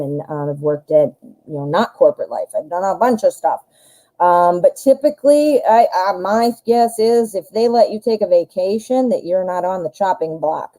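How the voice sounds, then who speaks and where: A woman in her forties talks her way through a live tarot reading, chatty and unscripted, thinking out loud with fillers and restarts. Her voice sits a little low and sounds very dark and mellow. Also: rough recording. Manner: chatty, thinks aloud, frequent fillers and self-corrections. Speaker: tarot reader hosting a live stream.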